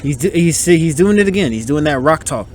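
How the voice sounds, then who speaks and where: A man's voice: a little high, animated, fairly quick, darkish tone, a little hiss or hum. A man hosting a podcast, chatting casually in a movie commentary, joking and laughing often. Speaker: podcast host.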